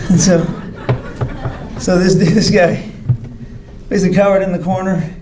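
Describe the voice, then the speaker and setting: A man's voice: high voice, little pitch movement, a little slow, roomy sound, background noise. A man giving a hospital grand rounds talk, telling his own story candidly and wryly, acting out the people he quotes. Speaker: physician speaker. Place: hospital lecture hall.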